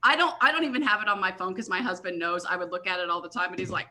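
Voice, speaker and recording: A middle-aged woman giving a motivational talk at a live company event, energetic and constantly addressing the audience as "you guys.". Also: fairly low pitch, very fast. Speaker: guest speaker, network marketing leader.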